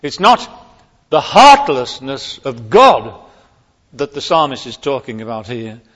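Guy preaching slow and emphatic, punches key words, big hall echo. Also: mid-range voice, very animated, fairly bright tone. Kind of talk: sermon. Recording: long hall reverb, dull lo-fi sound.

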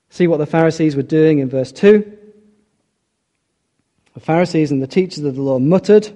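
Earnest male preacher, mellow voice. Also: on the high side. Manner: earnest, emphatic, asks rhetorical questions. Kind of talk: sermon.

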